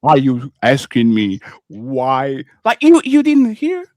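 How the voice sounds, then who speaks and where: A man's voice: mid-range voice, huge pitch swings, takes it slowly, a little mellow, dry recording. A man co-hosting a live audio-room talk, repeating himself, cutting in and scolding with exasperation. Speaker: co-host.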